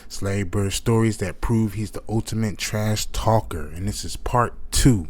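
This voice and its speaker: A man's voice: fairly low pitch, normal speed. A man talking casually to his viewers in loose slang as a reaction video host. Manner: relaxed, informal slang.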